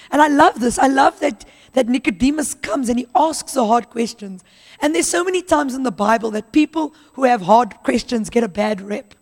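A woman's voice: on the high side, expressive, moderate pace, a little mellow. A woman preacher giving a conversational sermon in a church, acting out the Bible characters' dialogue as she retells it. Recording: long hall reverb.

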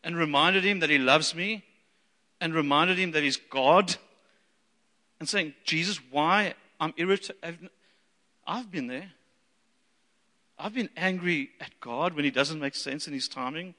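A man preaching a sermon as a pastor, animated and acting out the voices he quotes. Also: fairly high pitch, unhurried, pauses often. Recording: long reverb of a large hall.

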